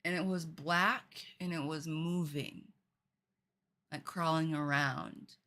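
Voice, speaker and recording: A woman streaming a game at home and telling a lively story to her chat, laughing often. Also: low voice, slow pace. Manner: animated, laughing, chatty with fillers.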